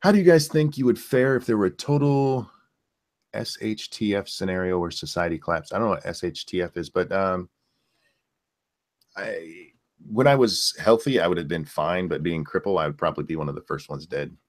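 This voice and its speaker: A man's voice: low voice, moderate pace. A man hosting a casual live stream, reading viewer questions and ranting bluntly with lots of profanity. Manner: reads viewer questions aloud. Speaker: stream host.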